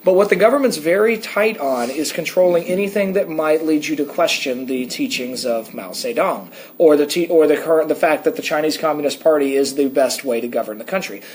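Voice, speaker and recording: Talkative American man, fairly high voice. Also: a little fast, few pauses, a little mellow, a little hiss or hum. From United States. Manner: talkative, digressive, reads excerpts aloud. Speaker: podcast co-host. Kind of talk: casual analytical chat.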